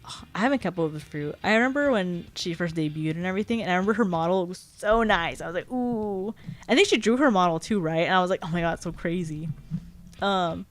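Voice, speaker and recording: A woman's voice: on the low side, quick pace. Chatty giggly young woman streamer. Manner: chatty, rambling, giggly, apologetic. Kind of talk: casual chat.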